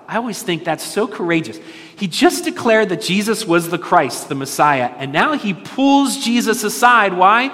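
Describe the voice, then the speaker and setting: A man's voice: a little high, a bit bright. Man preaching in an echoing hall. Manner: earnest, rhetorical questions, repeats lines for emphasis. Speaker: pastor. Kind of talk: sermon. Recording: long reverb of a large hall.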